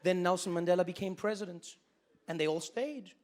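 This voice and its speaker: A South African man in his thirties doing stand-up, telling a story with an animated, repetitive rhythm. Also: high-pitched, brisk. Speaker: stand-up comedian.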